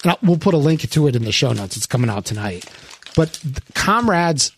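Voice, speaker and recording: A man's voice: fairly high pitch, very animated, fairly quick, a little hiss or hum. A man hosting a podcast, chatting casually, joking and swearing as he rambles and reads out names. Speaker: podcast host. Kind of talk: casual chat, reading listener names.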